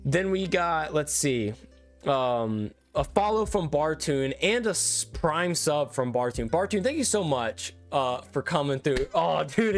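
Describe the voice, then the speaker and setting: A young man talking casually to his stream from his room at home, thanking viewers at length in a rambling, effusive way with many restarts. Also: fairly high pitch. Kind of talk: casual livestream sign-off chat.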